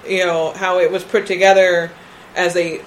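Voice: mid-range voice, flat delivery, moderate pace, a little hiss or hum, poor audio. A co-host in a conversational theology podcast, thoughtful and often murmuring agreement. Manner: thoughtful, lots of backchannel agreement.

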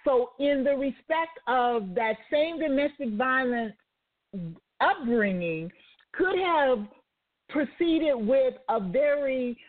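A woman's voice: high voice, expressive, slow pace. A woman hosting a talk radio show, retelling a story with asides and turning it into a faith-based lesson. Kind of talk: motivational talk radio monologue. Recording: tinny phone-like line.

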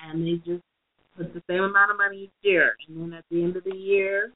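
A woman's voice: mid-range voice, steady tone, brisk. A woman talks through money tips in a loose, wandering way, leaning on "you know" as she goes. Her voice sits mid-range and comes through thin and lo-fi, like a phone line. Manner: rambling, thinks aloud with many "you know"s. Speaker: podcast co-host. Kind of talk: casual conversational advice. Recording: phone-like lo-fi recording.

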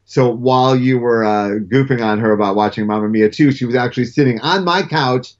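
A man's voice: mid-range voice, a little fast. A middle-aged man telling stories in a casual podcast chat, rambling with fillers and restarts. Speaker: guest comic book writer. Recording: dull lo-fi sound.

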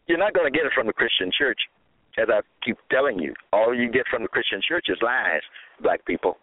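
A man's voice: medium pitch, animated, a little fast, no room sound. A man preaching a radio-style sermon, teaching in a didactic way and asking the listener rhetorical questions. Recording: tinny phone-line sound, dry.

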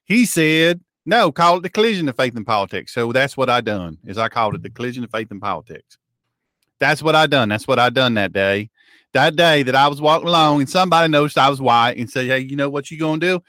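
A man's voice: mid-range voice, animated, fairly quick, a bit bright, no room sound, studio quality. A male radio show host and pastor, talking in a folksy, sarcastic monologue with a joking mock-drawl.

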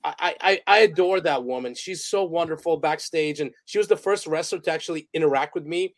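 A man with a fairly high voice talks as a podcast guest, rambling through stories with lots of energy. He acts out the quotes as he goes. The sound is dry and close, with no room echo. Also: brisk. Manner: animated, rambling storyteller. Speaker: guest photographer and director. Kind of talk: casual podcast interview.

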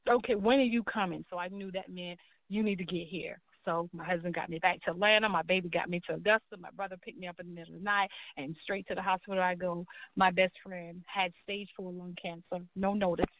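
A woman's voice: fairly low pitch, level tone, fairly quick, no room sound. A woman guest earnestly telling a personal story, acting out the dialogue she quotes. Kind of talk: personal testimony in a talk show. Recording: tinny phone-like line, dry.

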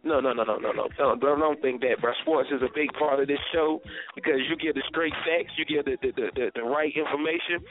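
A man hosts a radio show, talking up his co-host in loose, slangy banter. His voice is a touch high and sounds narrow and phone-like. Faint music runs in the background. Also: steady tone, fairly quick. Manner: hyped, slangy encouragement.

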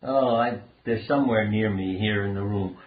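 Older man, low voice, earnest rambling storyteller, interview guest, tinny phone-like line, roomy echo. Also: moderate pace. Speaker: guest, doctor and author.

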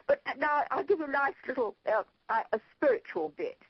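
A woman's voice: high voice, fairly quick, dry recording, muffled recording. An older woman with an Irish accent, a guest in an interview, telling rambling anecdotes and laughing at her own stories. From Ireland. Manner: lively, rambling storyteller who laughs at her own tales. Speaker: interview guest, spiritual leader.

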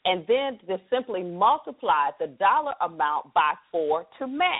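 A woman's voice: lowish voice, sing-song, measured pace, slightly rough. A woman hosting a talk radio show, chatty and upbeat, explaining things to her listeners. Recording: tinny phone-line broadcast.

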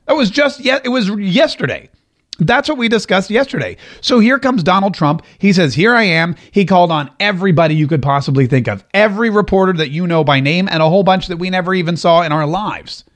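A high-pitched man hosts a political commentary show, talking casually and with animation while often stumbling over and repeating his words.

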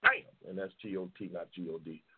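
A man hosting a casual talk show who reads out race matchups, loud, profane and excitable, sometimes yelling. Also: low voice, fast, very noisy. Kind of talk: casual livestream chat, reading race matchups. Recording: tinny phone-like sound.

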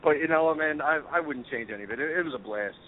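A man's voice: on the high side, quick pace, slight background noise. A man who is a guest chef on a casual podcast, telling his stories candidly, stumbling and restarting and swearing freely. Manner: candid, profane storyteller with frequent restarts. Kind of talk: casual chat. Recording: tinny phone-like sound.

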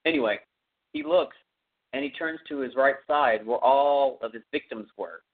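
A man's voice: medium pitch, normal speed. A man with a Texan accent hosting a podcast, casually retelling a horror movie's plot in a rambling way full of fillers. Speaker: podcast host. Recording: tinny phone-like audio.

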